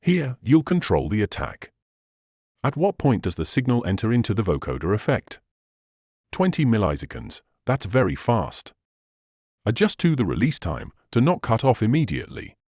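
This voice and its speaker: Male tutorial host, low and lively pitch, dry close sound, patient step-by-step explainer. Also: moderate pace, no room sound. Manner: patient step-by-step explaining, slightly non-native phrasing. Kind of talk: instructional screen walkthrough.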